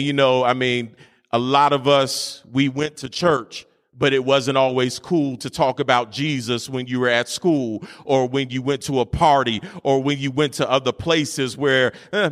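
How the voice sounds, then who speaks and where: A male pastor delivers a sermon, rising into shouted, sing-song peaks and settling back into steady teaching. His voice is bright and cutting, with a long church-hall reverb trailing behind every phrase. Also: mid-range voice. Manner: fervent preaching, swinging between shouted sing-song peaks and quieter teaching. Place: church sanctuary.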